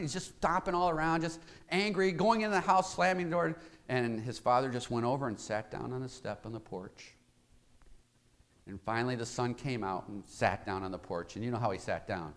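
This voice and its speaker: A man preaching in a church with a mid-range voice, talking like he is chatting with the congregation. He tells stories and keeps asking rhetorical questions, shifting between lively emphasis and quieter moments. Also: medium pitch, moderate pace. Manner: conversational storytelling with rhetorical questions. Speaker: pastor. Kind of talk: sermon.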